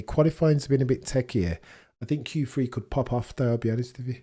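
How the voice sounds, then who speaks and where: A man's voice: mid-range voice, brisk, dark tone. A young man hosting a live stream, chatting casually and joking with his chat while reacting to the action.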